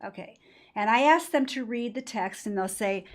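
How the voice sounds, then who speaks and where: A woman's voice: a little high, normal speed. A woman trainer in an interview, explaining points emphatically and acting out quoted lines. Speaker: patient-experience trainer. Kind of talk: interview conversation.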